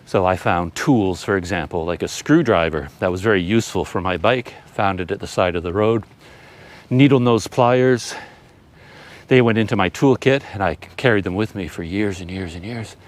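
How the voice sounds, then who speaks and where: A man vlogs as he hikes up a trail outdoors, out of breath and huffing between thoughts. His voice sits a little low. He talks in a rambling, self-deprecating way into the camera he holds. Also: moderate pace. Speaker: travel vlogger. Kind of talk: casual vlog talk while hiking. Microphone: handheld camera.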